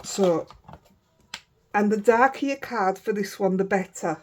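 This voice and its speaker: A woman's voice: mid-range voice, unhurried, darkish tone, slight background noise. Chatty Yorkshire woman crafting. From Yorkshire, England. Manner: chatty, rambling, self-interrupting. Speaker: craft vlogger. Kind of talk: casual crafting chat.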